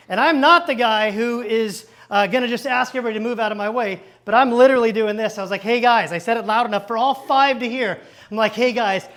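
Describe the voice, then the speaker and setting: This storytelling sermon comes from a pastor whose voice is very high-pitched. Speaking on a church stage, he dramatizes each exchange in animated bursts and drops quick asides to the congregation.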